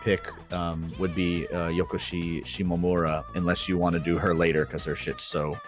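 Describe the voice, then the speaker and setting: A man's voice: low voice, little pitch movement, normal speed, music in the background. A man co-hosting a podcast in laid-back, rambling casual chat. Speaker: podcast co-host.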